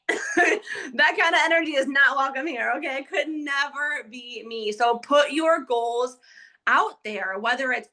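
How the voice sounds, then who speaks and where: Bright, energetic woman coaching a team. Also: fairly high pitch. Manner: energetic, fast, chatty, with many fillers. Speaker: network marketing team trainer. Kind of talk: live motivational training talk.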